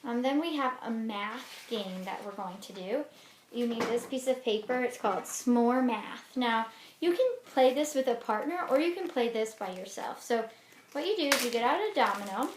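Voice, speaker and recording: A woman teacher reading a children's book aloud in an expressive way, then explaining class activities. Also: on the high side, moderate pace. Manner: expressive storybook reading with lively swings. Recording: roomy echo with faint noise.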